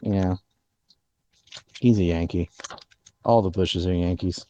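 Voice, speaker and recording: A man's voice: low voice, steady tone, takes it slowly, mellow, lo-fi sound. A man hosting a casual political chat, blunt and opinionated, ranting about the news.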